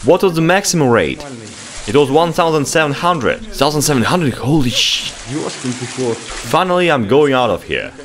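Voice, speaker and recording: A man hosting a vlog, giving excited running commentary as he explores an abandoned underground laboratory, exclaiming and urging others along. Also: fairly high pitch, moderate pace. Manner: exclamatory, urgent, bossy when hurrying others.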